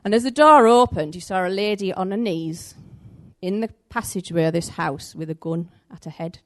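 Woman preacher, conversational church talk that slips into acting out the people in her story. Medium pitch, lively and chatty. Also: moderate pace. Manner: animated, conversational, acts out the story's voices. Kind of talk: sermon with storytelling.

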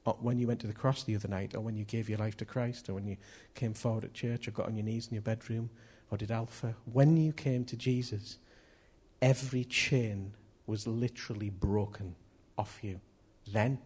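Man, preacher, sermon, husky voice, casual joking delivery. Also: lowish voice, fairly even intonation, moderate pace, darkish tone. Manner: chatty, jokey, laughs at himself mid-story.

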